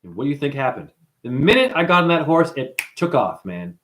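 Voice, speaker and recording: A man hosting a spiritual livestream, talking to his chat in an animated way, calling listeners honey and chanting mantras. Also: fairly high pitch, fairly quick, slight background noise.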